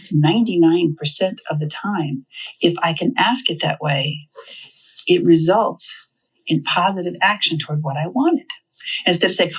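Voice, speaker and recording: A woman giving a humorous, animated seminar talk on parenting. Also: fairly low pitch, moderate pace, breathy edge, rough recording. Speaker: parenting speaker.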